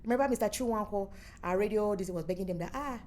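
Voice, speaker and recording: A young adult woman with a Nigerian accent, telling her story as an interview guest in lively, playful chat and acting out the voices of others. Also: mid-range voice, fast talker, slight background noise. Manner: animated, playful storyteller who acts out quotes. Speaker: musician and former radio presenter, interview guest.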